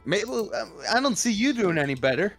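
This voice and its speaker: A man's voice: high voice, very animated, a little fast, vocal fry, fairly bright tone, soft background music. An easygoing man playing a tabletop game, chatting casually and mocking himself. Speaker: player.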